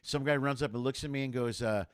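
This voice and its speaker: A middle-aged man in casual chat, telling a story in an animated way and acting out the voices of the people in it. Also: medium pitch, quick pace, clear, resonant tone, dry recording. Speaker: comedian guest.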